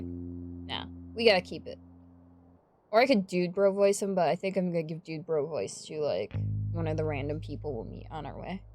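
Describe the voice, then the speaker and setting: A woman's voice: deep voice, darkish tone. A young woman streamer chatting casually while playing, voicing the characters playfully. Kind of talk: casual let's play chat and voicing game dialogue.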